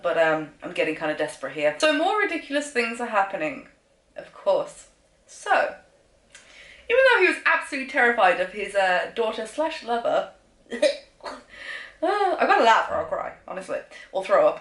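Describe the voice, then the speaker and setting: Woman, sarcastic, exasperated, nervous laughter, roomy echo. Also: fairly low pitch. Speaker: book reviewer. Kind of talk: casual book reaction vlog. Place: room at home.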